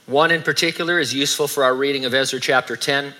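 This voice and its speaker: Male pastor, middle-aged, conversational sermon, bright tone, dry wit. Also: medium pitch, steady tone, quick pace. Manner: conversational preaching with dry asides.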